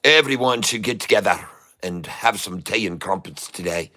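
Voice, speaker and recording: A man putting on a pompous posh English gentleman. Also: lowish voice, steady tone, measured pace. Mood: genteel.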